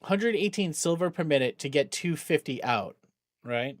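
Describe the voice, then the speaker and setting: A middle-aged man hosting a charity game stream, talking casually, thinking aloud with many restarts and greeting viewers with bursts of excitement. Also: fairly high pitch, moderate pace, dry recording, clean studio sound. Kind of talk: casual livestream chat.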